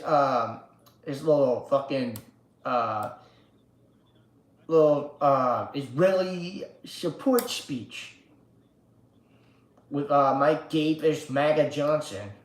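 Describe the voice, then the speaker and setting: A man hosting a casual livestream, ranting slowly and profanely and chanting slogans. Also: a little high, animated, reverberant. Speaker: livestream host. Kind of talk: casual political livestream rant.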